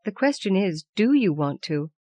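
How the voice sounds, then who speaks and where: A woman's voice: mid-range voice, big pitch swings, normal speed, mellow, dry recording. Woman reading as an anxious, insistent wife. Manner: urgent, coaxing. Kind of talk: audiobook reading.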